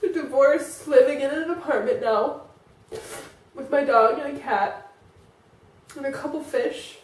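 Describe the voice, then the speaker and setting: A woman with a high voice pours out a personal confessional vlog, rambling and emotional, her talk full of fillers. She sounds a little away from the mic in an echoey room. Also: a little slow, recorded from a distance, a little hiss or hum. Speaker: vlogger.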